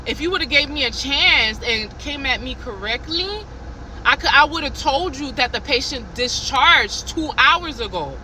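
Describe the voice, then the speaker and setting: A woman speaks into her phone camera from a car, retelling a clash at work. She is animated and heated, stumbles over her words, and keeps starting again. Her voice is high and crisp, with faint traffic behind it. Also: measured pace, rough recording. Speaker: vlogger telling a work story. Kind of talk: casual storytime.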